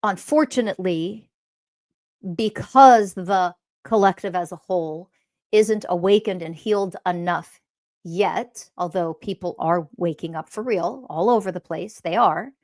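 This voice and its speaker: A woman's voice: lowish voice, a little slow, a little mellow. A woman speaking as a spiritual teacher in a blunt, scolding monologue, swearing often. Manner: mocks others in quoted voices.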